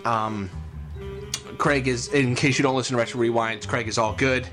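A man's voice: mid-range voice, steady tone, normal speed, fairly bright tone, faint music behind. A man hosting a podcast, chatting casually and joking with playful banter. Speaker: podcast host. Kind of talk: casual chat.

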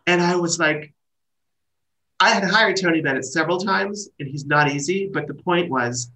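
A middle-aged man, a wedding planner and guest, telling stories in casual conversation with lively restarts and trailing phrases. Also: sits high, moderate pace, slight background noise, low-quality recording. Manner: animated storyteller, trailing restarts.

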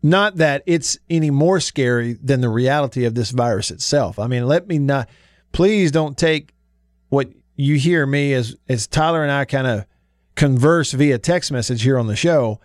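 A man's voice: medium pitch, dry recording. Man, sports radio host, folksy chatty talk, dry close studio sound. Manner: folksy, chatty, with drawn-out emphasis. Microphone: studio microphone.

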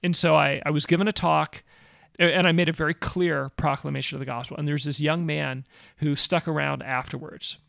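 Gravelly, higher-voiced man telling a story. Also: fairly quick, no echo, clean studio sound. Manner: animated, conversational, fond of "like" and self-mocking asides. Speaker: guest, former missionary. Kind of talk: personal storytelling interview.

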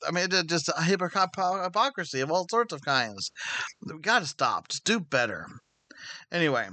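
A man's voice: fairly high pitch, sharp tone, no echo. A man giving an informal sermon-style Bible study, earnest and conversational, often restarting his sentences. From United States. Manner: earnest and conversational, with frequent restarts and filler words. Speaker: Bible teacher.

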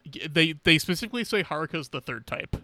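A man's voice: fairly high pitch, lively intonation, quick pace, pushed and bright, a little hiss or hum. A man co-hosting a podcast, talking loosely and swearing casually. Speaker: podcast co-host. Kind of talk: casual recap chat.

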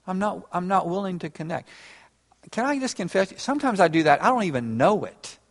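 A man's voice: high voice, very animated, a little fast. A man preaching an interactive sermon, talking conversationally and laughing along with his congregation. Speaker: pastor. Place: church. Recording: reverberant church hall.

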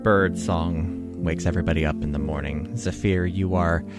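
A man narrating as game master in a tabletop game, calm and unhurried. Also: low-pitched, over loud music.

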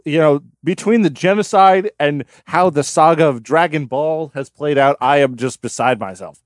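A man with a slightly high voice trading wry, deadpan jokes on a comedy podcast. His talk is loose and conversational. The sound is dry and close. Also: moderate pace, no echo. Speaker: podcast co-host. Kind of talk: casual comedic banter.

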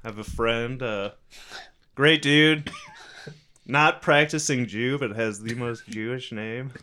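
A man's voice: mid-range voice, slow, sharp tone, a little hiss or hum. A man telling stories in casual chat, laughing often and saying "like" a lot. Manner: laughing storyteller, lots of "like".

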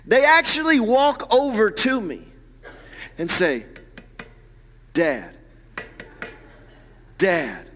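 Man, pastor, sermon, bright and forceful voice, long hall echo. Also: very high voice, measured pace, slight background noise. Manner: animated preaching with big swings from hushed to loud.

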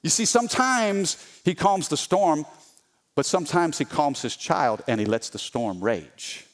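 A middle-aged male pastor preaching an energetic sermon, calling on the congregation to respond. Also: on the high side, unhurried. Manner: animated, call-and-response with congregation.

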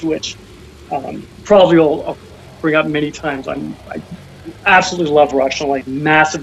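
A young man rambles casually as a call-in guest, restarting his sentences and filling them with "like" and "um". His voice sits a little high and has a gravelly fry. The call sounds dull and lo-fi, with faint music underneath. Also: slight background noise. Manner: rambling, full of fillers and restarts. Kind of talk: casual interview by phone. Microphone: phone call.

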